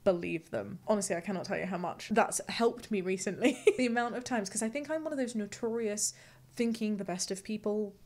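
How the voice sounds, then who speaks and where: A woman's voice: medium pitch, fairly quick, darkish tone. A young woman hosting a casual chat, bubbly and self-mocking, often breaking into giggles. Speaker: host.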